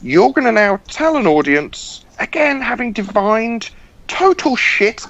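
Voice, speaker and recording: A man's voice: sing-song, unhurried, creaky, fairly bright tone. Angry man with a swooping voice. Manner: angry, sweary, insistent, swings in pitch. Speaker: podcast host. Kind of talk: heated argument on a call. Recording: dull lo-fi call audio.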